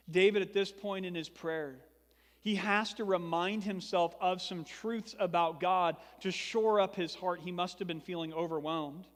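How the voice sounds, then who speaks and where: A man's voice: sits high, a little slow, in a large hall. A young man preaching a sermon as pastor, earnest and building to emphatic repetition.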